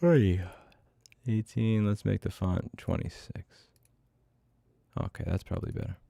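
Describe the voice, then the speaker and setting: A middle-aged man with a very low, gravelly voice talks casually on a coding livestream. He is blunt and swears freely, often muttering to himself. The sound is dry and close, with no room echo. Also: unhurried, dark tone. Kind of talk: casual livestream chat while programming.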